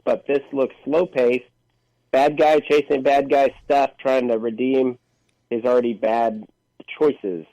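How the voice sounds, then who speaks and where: A man reviewing movies in relaxed talk, close to the mic in a dry room. He reads out plot summaries, then cracks dry jokes about the film. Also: medium pitch, no echo, poor audio. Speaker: podcast co-host. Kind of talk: casual movie review chat.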